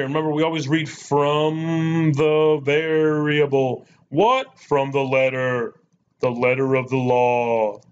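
A man teaching a math lesson in a chatty, joking way, repeating key points. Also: mid-range voice. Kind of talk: recorded lesson. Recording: dull lo-fi recording with faint noise.

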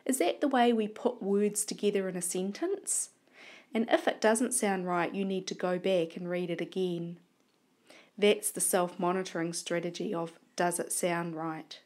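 A woman teacher modelling reading aloud for young children, thinking aloud in a deliberate way as she corrects her own mistakes. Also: fairly low pitch, darkish tone.

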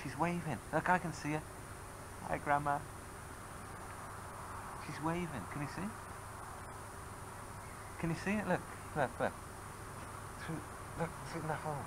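A man's voice: a little high, measured pace, pauses often, noisy background. A man filming a home video on a camcorder, talking playfully and coaxingly to his toddler at home. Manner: coaxing, teasing, animated. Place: family home. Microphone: camcorder microphone.

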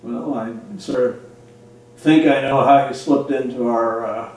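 A man's voice: medium pitch, fairly even intonation, measured pace, a little mellow. A man interviewing a longtime colleague for an oral history, asking friendly, encouraging questions. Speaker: interviewer, law librarian colleague. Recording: echoey room, distant mic, faint noise.

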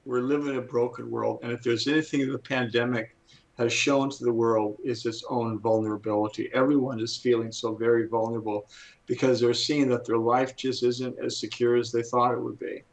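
Gravelly older guy in his 70s, earnest teacher vibe, slows way down on the big points. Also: mid-range voice, flat delivery, poor audio. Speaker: guest speaker. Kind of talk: explaining in a talk-show interview.

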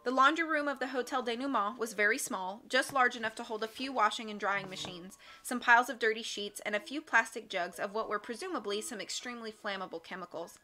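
A woman narrating a storybook in a steady, wry way. Her voice is bright and crisp, with soft background music running faintly under her reading. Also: on the high side, brisk, hardly any pauses. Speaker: audiobook reader.

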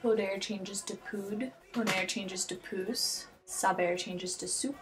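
A woman's voice: mid-range voice, level tone, slow, hardly any pauses, background noise. A teenage girl giving a casual homemade Spanish grammar lesson, chatty and jokey, often sidetracked, speaking close to her computer mic. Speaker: amateur Spanish tutor. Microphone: computer webcam mic close up.

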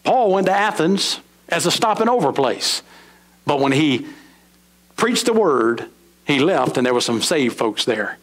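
A middle-aged man preaching a sermon in a church, swinging between high emphatic lines and low, slow drops. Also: sing-song. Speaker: pastor. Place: church sanctuary.

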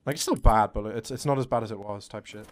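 Excitable, swearing male game streamer. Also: fairly low pitch, quick pace. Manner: excitable, swears a lot, calls everyone bro. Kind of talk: casual live-stream commentary.

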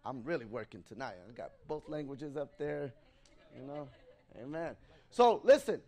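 A man preaching an excitable sermon in a church, pausing for a live interpreter and calling out to the congregation. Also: on the high side. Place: church sanctuary.

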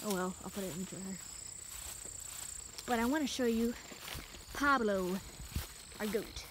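A woman's voice: medium pitch, measured pace. A young woman chatting casually as she walks through woods, a bit out of breath and rambling. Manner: chatty and rambling, talking while walking. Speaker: vlogger. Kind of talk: casual walking vlog. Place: outdoors in woods and a rural field. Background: wind and insects outdoors.

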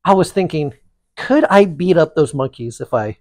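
A man casually telling a long story on a podcast, animated and rambling with frequent restarts. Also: on the high side, moderate pace, no room sound, clean studio sound. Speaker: podcast co-host.

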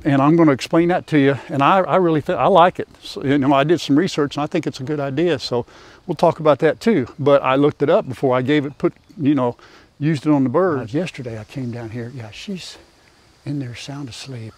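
A man's voice: fairly high pitch, fairly quick, no echo. Folksy older man. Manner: folksy, chatty, talks to his animals. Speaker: farmer and vlogger. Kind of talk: casual farm vlog. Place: outdoors on a farm.

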